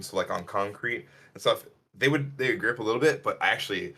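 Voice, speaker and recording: Casting: man, podcast co-host, low-ish voice with a bright edge, chatty animated storyteller. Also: brisk. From Illinois. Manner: animated, rambling, acts out quotes in a higher voice. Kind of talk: casual storytelling chat.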